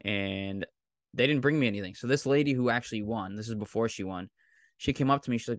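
In a dry recording, a South Shore Massachusetts man in his thirties co-hosts a podcast, speaking quickly in a lowish voice. He tells a long, rambling, profane story in casual chat and laughs often.

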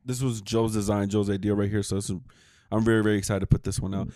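A man's voice: lowish voice, little pitch movement, quick pace, mellow, dry recording, studio quality. A man hosting a podcast in casual chat, joking and wrapping up with merch plugs. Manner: laughing, joking, trying voice impressions. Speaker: podcast host.

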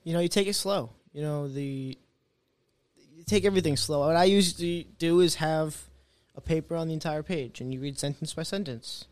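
A man's voice: a little high, normal speed, no echo. A young man guest in a casual interview, telling his story with energy and acting out the voices of people he quotes. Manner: animated, acts out quoted voices.

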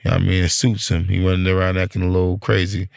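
A middle-aged man with a New York accent tells his story in blunt, profane casual talk. His voice is low and gravelly. The sound is dry and close. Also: flat delivery, rapid-fire, no echo. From Brooklyn, New York. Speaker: rapper interviewee.

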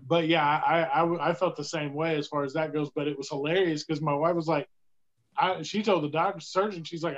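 A man telling a story in a casual podcast chat, animated when he quotes others and swearing casually. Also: fairly high pitch, a little fast. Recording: dull lo-fi sound.

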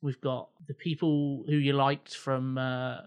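A man's voice: mid-range voice, flat delivery, a little slow, a little mellow, smooth. A man co-hosting a film podcast, explaining his points in a thoughtful, casual way. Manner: thoughtful, explanatory, chuckles often. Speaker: podcast co-host.

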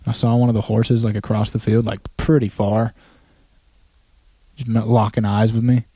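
A man's voice: fairly low pitch, normal speed, husky, dry recording. Swearing young guy telling stories. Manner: animated storyteller, acts out quotes, heavy swearing. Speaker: podcast co-host. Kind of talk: casual chat.

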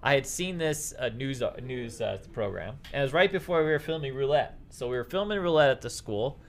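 A man's voice: medium pitch, lively intonation, fairly quick, vocal fry. A middle-aged man with a Boston accent hosting a casual podcast chat, rambling and joking as he restarts his sentences. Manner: rambling, jokey, self-interrupting. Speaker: podcast host.

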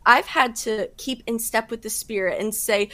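A woman speaking as a podcast guest, giving earnest faith testimony in casual talk with quick bursts and fillers. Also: on the high side, sharp tone, dry recording. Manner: earnest, fast-talking with fillers.

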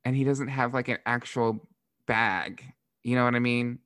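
A young man from Florida, a drag performer hosting a podcast, telling stories in a casual, animated way with frequent swearing and laughter. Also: mid-range voice, normal speed, a little hiss or hum. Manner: animated, profane, laughs often. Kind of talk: casual storytelling.

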